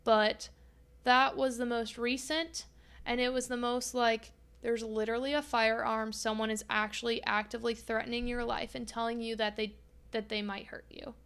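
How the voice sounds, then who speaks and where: A young woman hosts a solo podcast and tells a personal story in a raw, unfiltered way, swearing freely and acting out what people said back then. Her voice sits a little high and sounds smooth and clear. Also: flat delivery, moderate pace, fairly bright tone. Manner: candid and profane, reenacting her own past dialogue. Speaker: podcast host.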